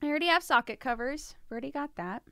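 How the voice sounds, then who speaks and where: A woman's voice: high-pitched, animated, very fast, bright, forceful tone, slight background noise. A young pregnant woman streaming, chatting casually with her viewers, laughing often and swearing freely. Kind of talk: casual chat with live chat.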